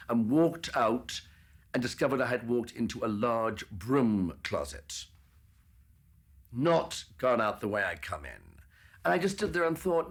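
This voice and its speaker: A man's voice: on the low side, lively intonation, moderate pace, husky. A man telling an audition story with dry, self-mocking timing. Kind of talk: wry anecdote.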